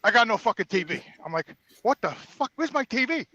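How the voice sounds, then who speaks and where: An older man tells a profane, animated story while pacing around. His voice sits high and bright. The sound is dry and close. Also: fairly quick, no echo, muffled recording. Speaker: podcast regular calling in. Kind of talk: casual ranting storytelling.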